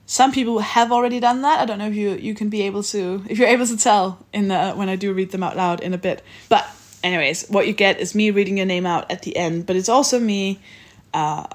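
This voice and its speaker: Woman, podcast host, chatty outro, reads supporter names, middle pitch. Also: brisk, hardly any pauses. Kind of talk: casual chat and read-out outro.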